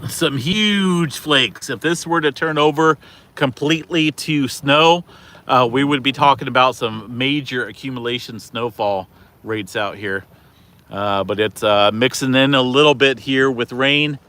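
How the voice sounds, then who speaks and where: Excited man vlogging outdoors. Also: mid-range voice. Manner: excited, rambling, full of "uh" and exclamations. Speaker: weather channel host. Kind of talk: casual on-the-spot weather vlog. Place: outdoors in falling snow beside his car, rural neighborhood. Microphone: handheld camera.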